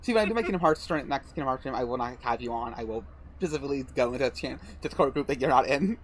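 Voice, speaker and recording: A man's voice: medium pitch, expressive, racing, a little hiss or hum. A man hosting a game stream, chatting casually with friends and teasing them between bursts of laughter. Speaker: streamer host. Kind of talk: casual chat while playing.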